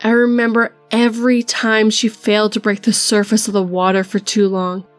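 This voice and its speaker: Female horror narrator, measured storytelling, mid-pitched, soft music bed. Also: flat delivery, dry recording. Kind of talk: first-person horror narration.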